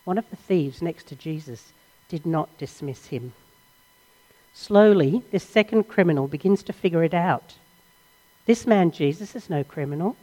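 A woman's voice: on the low side, animated, normal speed, mellow. A woman preacher giving a sermon as an earnest, dramatic storytelling retelling full of rhetorical questions. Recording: long hall reverb.

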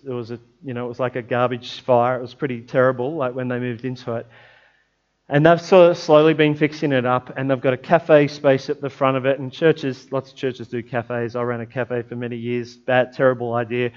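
A man preaches in a relaxed, conversational way, with a voice of middling pitch. He turns reflective and often sinks into a quiet, prayerful hush. The recording sounds a little dull and lo-fi. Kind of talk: conversational sermon.

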